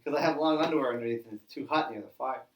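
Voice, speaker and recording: A man's voice: mid-range voice, rapid-fire, noisy background. A man co-hosting a livestream in casual, joking chat, heard in an echoey room from a distance. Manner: joking, teasing, chatty. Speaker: co-host on a livestream. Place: home near a fire.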